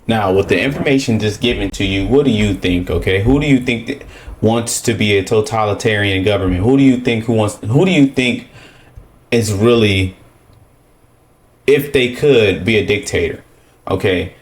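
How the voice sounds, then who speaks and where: A man's voice: fairly low pitch, moderate pace. A man giving casual reaction commentary, emphatic and rhetorical, often tagging his points with a questioning "okay?".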